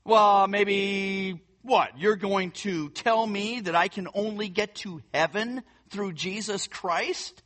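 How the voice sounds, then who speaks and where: A man's voice: high-pitched, slow, few pauses, a bit bright. A man preaching a sermon in an earnest, emphatic way, often repeating words for weight. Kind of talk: sermon teaching.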